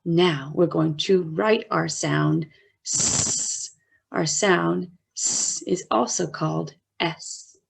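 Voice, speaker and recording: A woman teacher with a Canadian accent, giving a slow, clear phonics lesson to young children and drawing out the letter sounds. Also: on the low side, a little hiss or hum.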